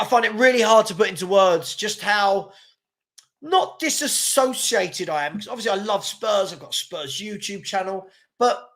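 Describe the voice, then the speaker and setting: A man's voice: sits high, fairly bright tone. A man hosting a casual livestream, rambling, repeating words and reading out viewer comments. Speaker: fan channel host.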